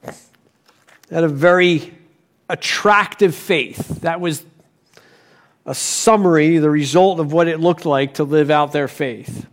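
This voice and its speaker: A man preaching a sermon as pastor, deliberate, with bursts of animated storytelling. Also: on the high side.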